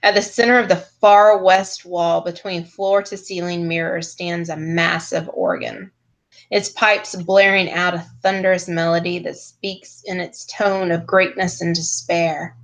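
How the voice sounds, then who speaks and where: A woman running a tabletop game, narrating rich scene descriptions at a slow, measured pace. Her voice sits fairly low for a woman. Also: flat delivery, low-quality recording. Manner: descriptive, unhurried narration with laughter. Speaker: game master.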